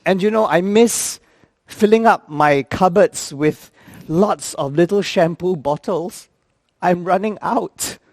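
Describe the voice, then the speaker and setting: A man's voice: sits high, slow pace, no echo, studio quality. Playful man in his fifties. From Singapore. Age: 50s. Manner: animated, playful, acts out characters. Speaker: actor. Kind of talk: comic storytelling.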